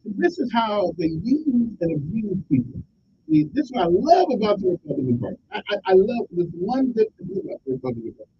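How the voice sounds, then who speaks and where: Male talk radio host, high and lively voice, rambling jokey monologue, faint rumble behind. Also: a little fast, muffled recording. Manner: joking, rambling, animated delivery. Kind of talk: casual call-in radio monologue.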